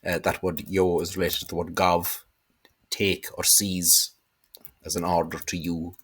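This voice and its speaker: A man explaining Irish words and spelling in a hesitant lesson, pausing often on fillers and stressing each Irish word he quotes. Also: low voice, little pitch movement, fairly bright tone, slightly rough. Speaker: Irish language teacher.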